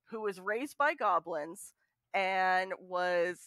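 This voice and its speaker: A woman guest on a podcast, chatting in an animated way with lots of fillers. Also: lowish voice, slow pace, no room sound. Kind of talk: casual podcast chat.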